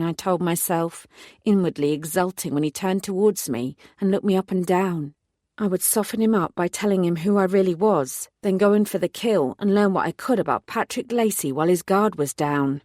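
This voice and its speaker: With a fairly low-pitched voice, this audiobook narrator reads a first-person story in a calm, even, measured manner. The sound is clean studio quality without any echo.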